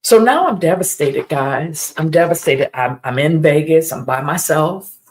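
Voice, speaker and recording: A woman's voice: sits low, lively intonation, a little slow. Earnest middle-aged woman telling her story. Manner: earnest and emphatic, repeats key phrases. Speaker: host of a live stream. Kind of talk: emotional personal storytelling on a live stream.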